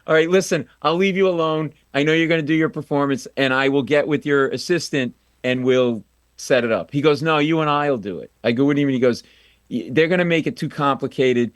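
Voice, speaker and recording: A male comedian tells a story on a radio show, animated and quick to mock himself. He acts out every voice in the story. The sound is dry and close to the mic. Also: fairly high pitch, no echo. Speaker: comedian guest.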